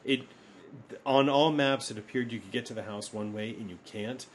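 A man's voice: medium pitch, normal speed, slight background noise. A man co-hosting a podcast, telling his own stories in casual chat and quoting people in them. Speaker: podcast co-host.

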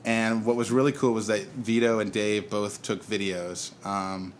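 Male, 30s, podcast co-host, low-pitched rambling storyteller. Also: flat delivery, a little slow, slight background noise. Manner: rambling storyteller, laughs at own stories. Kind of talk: casual chat.

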